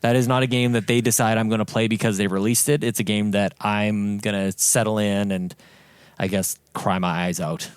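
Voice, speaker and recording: A man's voice: on the low side, steady tone, moderate pace, clean tone, no echo. A young man co-hosting a gaming podcast, chatting casually with frequent fillers and easy laughter. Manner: laughs easily, hesitant with fillers. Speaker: podcast co-host. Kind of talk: casual chat.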